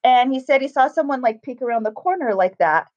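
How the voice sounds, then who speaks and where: Her voice sits high and moves fairly quickly as this middle-aged guest relates a ghost story in a casual, animated way. She performs the quoted voices of the characters, captured on a dull, lo-fi recording.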